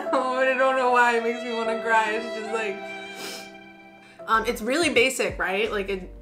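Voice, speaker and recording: A woman's voice: a little high, fairly even intonation, normal speed, over music. A young woman from the United States, gushing playfully while taste-testing in a casual vlog. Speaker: food vlogger.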